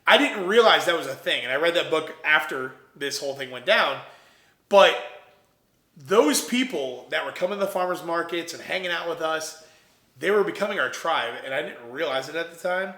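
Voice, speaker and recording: A young man from Ohio tells his business story with a bright, fairly high voice. He talks in a casual, animated way, acting out the lines of everyone in the story. The room sounds echoey around him. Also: normal speed. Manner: animated, quotes himself and others in lively voices. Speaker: entrepreneur guest.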